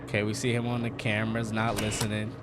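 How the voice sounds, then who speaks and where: A man hosting a gaming channel, talking excitably through a let's play and calling everyone "bro". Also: lowish voice, fast, heavy background noise. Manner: excitable, chatty, says "bro" constantly. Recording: beat music under voice.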